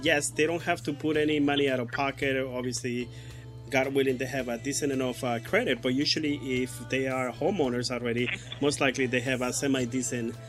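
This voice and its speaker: A man's voice: mid-range voice, a bit bright. Man, interview host, chatty, long questions, faint music behind. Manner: conversational, asks long questions. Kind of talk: casual interview talk.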